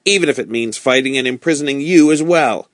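A man's voice: medium pitch, brisk, dry recording, voice pushed up, lightly acted. A man puts on a proud, heartless nobleman in a storybook reading, his lines cold and commanding. The voice sits in the middle of the male range. It is recorded dry, with no room sound. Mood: cold, haughty. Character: haughty, cruel aristocratic nobleman, older man.

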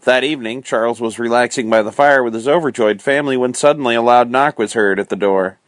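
A man reading a classic novel aloud as a bedtime story, calm and measured. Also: medium pitch, no echo.

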